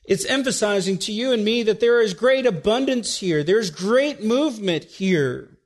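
Male pastor, high-pitched, expository preaching, teacherly, checks in with listeners. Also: animated, normal speed. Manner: teacherly, repeats okay to check listeners, dry asides. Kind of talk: expository sermon.

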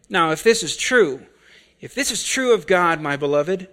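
A man preaching an expository sermon, deliberate and full of rhetorical questions. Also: high voice, a bit bright.

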